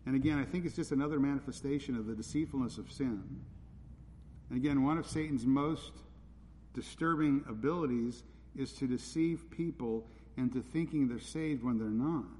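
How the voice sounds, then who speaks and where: A man's voice: medium pitch, normal speed, darkish tone. A man preaching a sermon as a pastor, blunt and direct in his delivery. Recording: reverberant hall.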